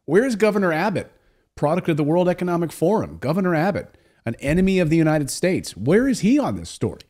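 A man's voice: on the high side, sing-song, fast, darkish tone. A man hosting a talk show interview, indignant and then grave and earnest. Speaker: show host.

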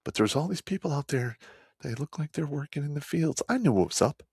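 With a breathy edge and a fairly quick pace, a blunt ex-army man swears his way through a war story told casually. His delivery jumps from loud eruptions to hushed asides, and the recording is dry and close.

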